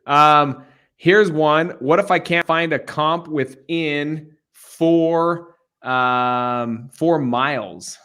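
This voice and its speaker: A man with a fairly high voice hosts a live coaching stream over a video call. He jokes and cheers his listeners on, loose and chatty. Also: extremely slow, pushed and bright, clear, resonant tone. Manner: upbeat, joking, encouraging. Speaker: host of a live real estate Q&A.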